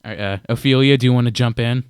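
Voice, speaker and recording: A young man narrating and explaining rules as game master of a tabletop game, relaxed and playful. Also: medium pitch, fast talker, smooth, no room sound, studio quality.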